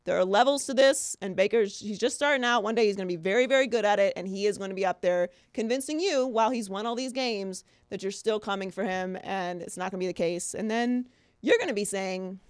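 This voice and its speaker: A woman's voice: medium pitch, brisk, clear, resonant tone, no room sound, studio quality. A woman co-hosting a sports podcast, talking in a casual, opinionated and sarcastic way. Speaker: podcast co-host.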